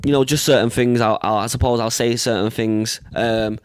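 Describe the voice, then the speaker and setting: Young laid-back Manchester rapper. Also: male voice, mid-range voice, fairly even intonation, moderate pace, clear, resonant tone. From Manchester, England. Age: 20s. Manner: laid-back, rambling, lots of fillers and slang. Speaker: guest rapper. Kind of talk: casual interview chat.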